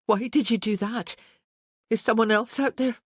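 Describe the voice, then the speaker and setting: A narrator voicing a frightened young Highland woman, upset and pleading in a raised voice. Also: fairly even intonation, normal speed, husky, no echo, clean studio sound.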